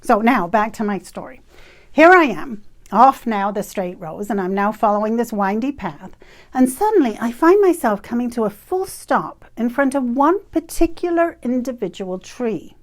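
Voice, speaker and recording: A woman in her fifties from Canada, telling a personal story in an animated, emphatic way with bursts of laughter. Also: a little high, moderate pace. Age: 50s. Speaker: retreat facilitator.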